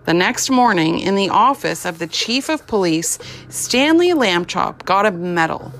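A woman's voice: medium pitch, unhurried. Woman reading a children's storybook. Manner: expressive, lively storytelling. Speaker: audiobook narrator.

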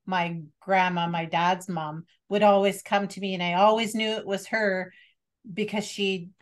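A young woman hosting a casual podcast interview, chatty, telling personal stories and giving quick affirmations. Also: mid-range voice, steady tone. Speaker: podcast host.

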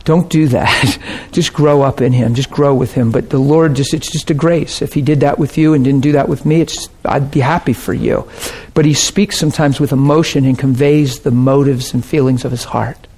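A man preaching a personal testimony, telling the story with strong feeling and swinging between soft and loud delivery. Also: mid-range voice, fairly even intonation, normal speed, breathy edge. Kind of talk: sermon testimony.

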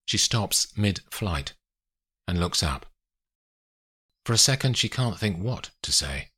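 Male audiobook narrator, deep, husky, animated storytelling. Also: slow.

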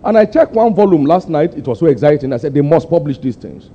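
An older man preaching a sermon, pushing his people for answers and climbing to sudden high, emphatic peaks. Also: lively intonation, quick pace, warm tone, husky. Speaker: pastor. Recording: muffled lo-fi sermon recording.

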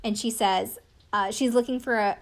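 A woman's voice: on the high side, steady tone, moderate pace. A woman in her twenties recapping a reality show in casual chat, sarcastic and swearing now and then. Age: 20s.

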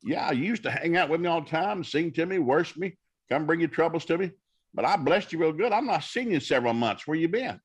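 A man's voice: on the high side, lively intonation, fast, slightly rough. A minister telling stories on a talk show, folksy and preacherly, acting out the people he quotes. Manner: folksy preacher storytelling, acts out dialogue. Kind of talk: storytelling talk-show guest.

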